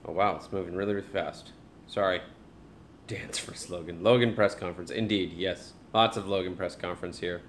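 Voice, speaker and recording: Jokey young dad chatting on a stream. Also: male voice, sits low, fairly even intonation, a little fast, a little hiss or hum. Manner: joking, chatty, coos at his baby. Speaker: live stream co-host and dad. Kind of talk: casual live stream chat.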